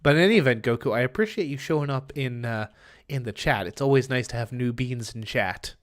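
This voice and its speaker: A man's voice: medium pitch, fairly quick. A man streaming a game and chatting with viewers in a wry, mock-formal way, often muttering to himself. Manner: wry, mock-formal phrasing, talks to chat. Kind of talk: casual gameplay stream chat.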